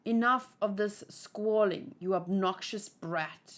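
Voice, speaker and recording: A woman voicing a cruel elderly male tyrant, speaking slowly and with icy disdain as she reads a comic aloud. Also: medium pitch, fairly bright tone, voice pushed down. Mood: contemptuous.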